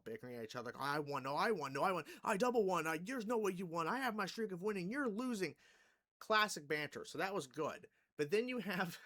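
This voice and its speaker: A man's voice: fairly high pitch, a bit bright. Rambling exasperated man reacting casually. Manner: rambling and exasperated, frequent swearing and laughter. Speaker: reaction channel host.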